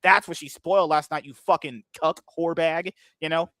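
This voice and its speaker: A man's voice: on the high side, steady tone, moderate pace, pushed and bright, no room sound. A man hosting a podcast in casual crude banter, joking and rambling. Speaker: podcast host.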